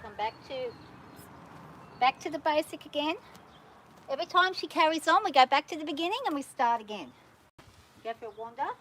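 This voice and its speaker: A woman with a high voice talks through a horse training session on a farm. She coaxes the animal softly and explains each step plainly and patiently. Faint outdoor sounds and animal noises sit behind her. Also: a little fast, pauses often, slight background noise. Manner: calm and patient, coaxing the horse in a soft praising voice; explains steps plainly to viewers while working. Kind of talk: hands-on training commentary.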